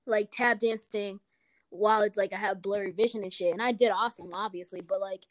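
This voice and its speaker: A woman's voice: mid-range voice, steady tone, fairly quick. A young woman in casual chat, telling a personal story frankly, with plenty of swearing and filler words. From Minnesota.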